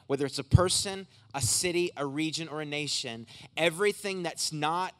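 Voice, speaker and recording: A guest speaker preaches during a church service held in a hotel conference room, his slightly high voice moving from emphatic, rising preaching into quiet, intense prayer for healing.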